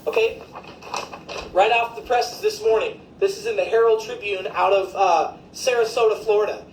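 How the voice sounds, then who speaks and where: A physician commentator, a woman, delivers an angry, emphatic rant full of profanity to her audience. Her voice is medium in pitch at normal speed, and the room sounds echoey with faint background noise.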